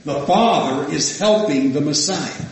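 A man preaches at a slow, deliberate pace, with a voice that sits somewhat high for a man. He reads scripture aloud and puts questions to his listeners, swinging between emphatic peaks and soft asides. The sound is roomy and echoey. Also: slight background noise. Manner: animated, rising to emphatic peaks then dropping to soft asides. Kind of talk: sermon. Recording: echoey room.

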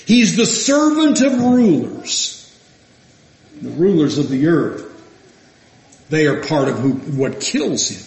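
A man preaches at a slow, deliberate pace, with a voice that sits somewhat high for a man. He reads scripture aloud and puts questions to his listeners, swinging between emphatic peaks and soft asides. The sound is roomy and echoey. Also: a little hiss or hum. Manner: animated, rising to emphatic peaks then dropping to soft asides. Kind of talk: sermon. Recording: echoey room.

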